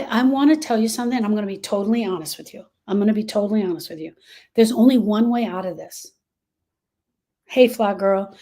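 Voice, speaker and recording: In a medium-pitched voice with a dark tone, a woman hosts a live stream about grief. She addresses viewers earnestly and directly, going back over her key phrases to stress them.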